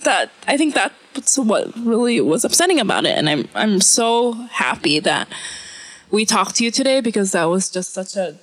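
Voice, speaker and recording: A woman's voice: mid-range voice, very animated, normal speed, slightly rough. A woman hosting a podcast, emotional and rambling as she shares her own story, often breaking into laughter. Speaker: podcast host. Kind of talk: casual interview talk.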